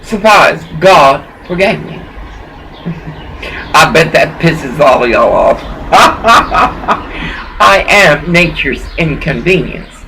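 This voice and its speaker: A woman's voice: sits low, bright, forceful tone, a little hiss or hum, poor audio. Rambling, preachy woman on laptop webcam. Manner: preachy, emotional, swinging between laughing and bitter. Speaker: vlogger. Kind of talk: rambling personal monologue.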